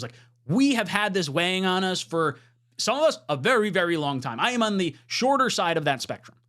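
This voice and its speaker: A man in his thirties giving casual fan commentary as a podcast host, frustrated, swinging between low mutters and loud outbursts. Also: lively intonation, fast talker. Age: 30s.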